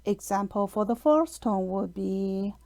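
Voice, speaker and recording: A woman teaching pronunciation, reading a lesson aloud slowly and enunciating each sound with care. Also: mid-range voice, lively intonation, vocal fry, darkish tone. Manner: slow, deliberate, careful enunciation with pauses. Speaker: language teacher.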